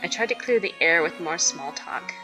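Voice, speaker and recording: A woman's voice: fairly low pitch, animated, moderate pace, over music, natural voice. A woman reading a shy, nervous teenage girl's inner narration and dialogue from a story game, in an anxious, earnest way. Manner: anxious, self-deprecating, earnest. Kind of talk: reading visual novel narration.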